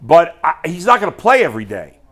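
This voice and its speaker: A man hosting a casual sports talk show, talking with animated energy. His pitch swings widely and sits a little high, and he often restarts his thoughts mid-sentence. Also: fast. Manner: animated, expressive, restarts phrases.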